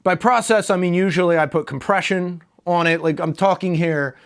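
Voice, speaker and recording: A man's voice: sits high, normal speed, clear, resonant tone. Stuffy-nosed man rambling through an unboxing. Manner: rambling, loose, with fillers and mild swearing. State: stuffed up from allergies. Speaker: vlogger reviewing a microphone. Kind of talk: casual unboxing talk. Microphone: lapel mic, then a desk condenser mic.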